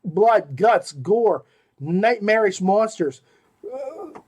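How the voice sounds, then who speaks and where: A middle-aged man talks through a book review in a loose, rambling way. His voice sits a little high and jumps between loud bursts of excitement and muttered asides. He keeps checking in with "okay?" as if chatting with a friend. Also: very slow, breathy edge, lo-fi sound. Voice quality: animated, emphatic, swings between loud exclamations and mumbled asides. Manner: rambling and self-interrupting, with repeated 'okay?' and 'like'. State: hiccuping. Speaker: podcast host reviewing audiobooks. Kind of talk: casual spoken book review.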